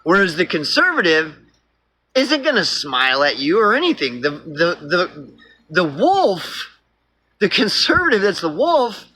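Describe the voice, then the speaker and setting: A man's voice: high-pitched, big pitch swings, moderate pace, pushed and bright, slightly rough. A man with an Oklahoma accent, rambling through a profane, casual political monologue.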